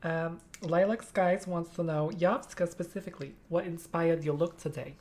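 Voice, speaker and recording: A woman's voice: lowish voice, steady tone, moderate pace, a little mellow. A woman moderating a convention panel in a laid-back way, reading out audience questions. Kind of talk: casual panel hosting.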